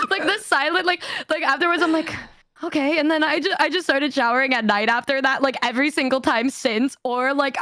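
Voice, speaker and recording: A woman's voice: high voice, fairly bright tone, no echo, clean studio sound. A young woman streamer chatting casually, giggly and rambling with lots of fillers. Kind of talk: casual chat.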